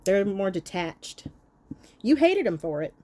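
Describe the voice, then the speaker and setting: A woman's voice: medium pitch, very animated, measured pace, darkish tone, a little hiss or hum. A woman giving a tarot reading straight to the camera. She scolds her listeners bluntly, swears freely, and hammers her points home with short repeated lines. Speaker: tarot reader.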